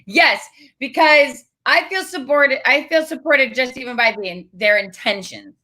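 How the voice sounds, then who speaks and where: A woman co-hosting a comedy telethon, quick with teasing retorts. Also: high voice, pushed and bright. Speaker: co-host and singer. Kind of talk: improvised comedy banter.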